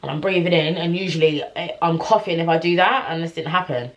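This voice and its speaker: A young woman telling a personal story to camera in a chatty, animated way, full of slang and fillers. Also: fairly low pitch, brisk. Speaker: vlogger.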